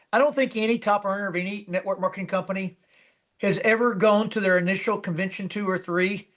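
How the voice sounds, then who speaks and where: A man's voice: high voice, fairly bright tone. A man hosting an interview as a coach, talking in an upbeat, encouraging and conversational way. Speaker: coach and show host.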